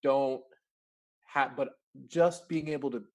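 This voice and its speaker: A man's voice: medium pitch, steady tone, slow. A man talking as a podcast guest in a casual interview, chatty and laughing often as he acts out bits of dialogue.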